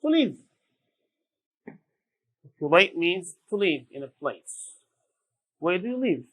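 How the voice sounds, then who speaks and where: Slow, deliberate man teaching English. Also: sits high, big pitch swings, lo-fi sound. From Sudan. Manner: repeats each word slowly and deliberately. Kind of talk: slow classroom vocabulary lesson.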